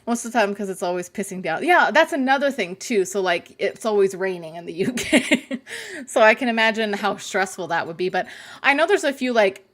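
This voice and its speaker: A woman's voice: medium pitch, animated, brisk, a bit bright. A young woman chatting on a live game stream, rambling, laughing and swearing casually. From North America.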